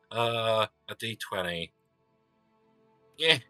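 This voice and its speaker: A man playing a character in a tabletop game, excitable and often laughing. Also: on the low side, drawn-out words, dry recording, soft background music, low-quality recording. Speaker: player. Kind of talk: casual tabletop play.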